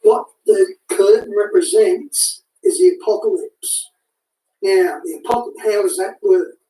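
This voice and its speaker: Unhurried and lively, a woman chats casually in commentary, often restarting and repeating words while her pitch jumps around. She has a mellow, slightly high voice and is recorded far from the microphone in a room full of echo.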